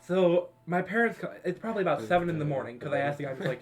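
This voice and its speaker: A young adult podcast co-host tells his friends a party story in casual fashion, swearing freely and breaking into laughter. His somewhat high voice races along very fast as he relives the night with lively energy.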